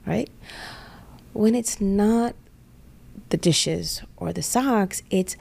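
A woman in an earnest podcast conversation, explaining couple conflicts and quickly acting out what each spouse says. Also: mid-range voice, vocal fry, warm tone. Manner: earnest, acts out spouses' voices in quick asides.

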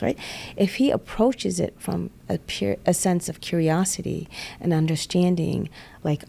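A woman with a fairly low, gravelly voice, talking through relationship problems in an earnest way. She slips into quick little impressions of husband and wife as she explains, in a podcast conversation. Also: mellow. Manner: earnest, acts out spouses' voices in quick asides.

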